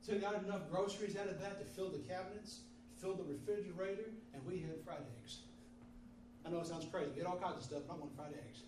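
A sweating man preaching a sermon full of personal testimony, fervent and repetitive, breaking into shouts. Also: high-pitched, fast talker. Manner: fervent, repeating phrases, bursts into shouting. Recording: echoey hall from far off with background noise.

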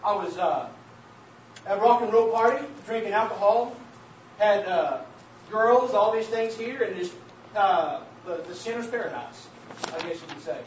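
A man preaching a sermon and sharing his testimony, calling out to the congregation as saints of God and building to emphatic shouts. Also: high voice, lively intonation, normal speed. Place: church hall. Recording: very echoey, distant, dull church recording with faint hiss.

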